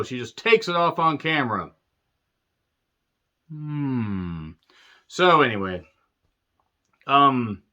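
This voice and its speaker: A man's voice: mid-range voice, bright, forceful tone, highs cut off. A man recapping a wrestling show in a sarcastic, profane rant. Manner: sarcastic, ranting, swears freely. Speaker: wrestling reviewer.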